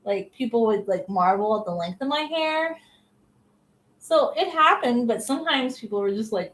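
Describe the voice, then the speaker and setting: A woman's voice: fairly high pitch, animated, normal speed, fairly bright tone, low-quality recording. A young adult woman chatting casually to camera as a vlogger, opinionated and full of "like" fillers.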